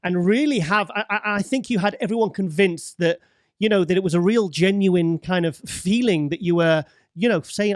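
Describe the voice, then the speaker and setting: A male interviewer with a high voice asks long, hesitant questions full of fillers. The sound is dry and close. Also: moderate pace, no echo.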